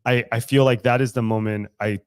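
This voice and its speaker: A man's voice: medium pitch, fairly even intonation, fairly quick, clean tone, no echo, clean studio sound. A man co-hosting a casual podcast, talking candidly about his faith, often laughing and swearing freely. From San Francisco Bay Area. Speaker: podcast co-host. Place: studio room.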